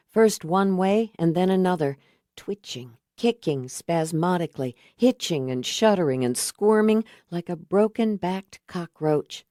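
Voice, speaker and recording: A woman narrates a horror thriller audiobook, measured and even in delivery. Her voice is low and mellow, close to the mic in a dry booth-like sound. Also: dry recording.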